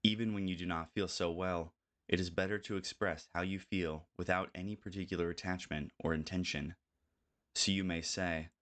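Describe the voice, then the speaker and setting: Older male audiobook narrator, deep low voice, calm and measured delivery. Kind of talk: scripted narration.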